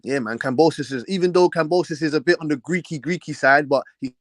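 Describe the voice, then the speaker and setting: A man hosts a casual live chat, eager and heavy on slang. His voice sits a little high, and the sound is dry and close, with no room echo. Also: fast talker. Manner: eager, slangy, repeats "you get me" and "fam". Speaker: host.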